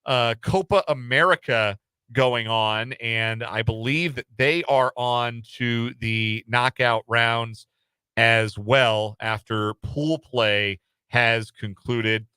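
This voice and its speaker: A man's voice: medium pitch, slow, sharp tone, clean tone, dry recording. A man hosting casual sports talk radio in a studio, rambling and self-deprecating with lots of fillers. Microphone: studio microphone.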